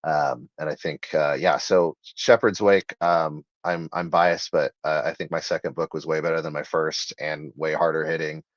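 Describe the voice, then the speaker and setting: A man's voice: very deep voice, steady tone, moderate pace, few pauses, no room sound. A man being interviewed as an author, talking casually in long rambling sentences full of fillers and restarts. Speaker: author guest. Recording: slightly dull, lo-fi sound.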